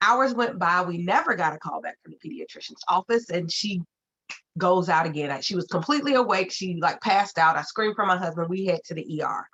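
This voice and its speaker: A woman's voice: lowish voice, lively intonation, a little fast, a bit bright, slightly rough. A woman giving a keynote talk, telling a personal story earnestly and repeating phrases for emphasis. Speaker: keynote speaker. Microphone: video call. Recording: muffled lo-fi audio.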